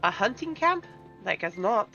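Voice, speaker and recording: A woman's voice: mid-range voice, big pitch swings, normal speed, gravelly, bright, forceful tone. A woman streamer talks casually through her game session, laughing easily and reading on-screen lines aloud. Her audio sounds dull and lo-fi. Faint game music runs behind her. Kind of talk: casual gaming chat.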